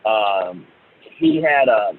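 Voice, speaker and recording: A man from Oklahoma, a singer guest, telling a story in a halting casual way with many fillers and restarts, on a tinny phone-like line. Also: on the low side, expressive, a little hiss or hum. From Oklahoma, USA.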